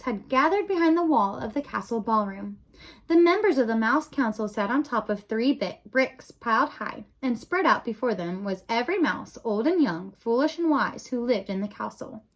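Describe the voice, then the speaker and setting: A woman reading a children's storybook aloud in an expressive, lively way. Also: fairly high pitch. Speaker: audiobook reader. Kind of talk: storybook narration.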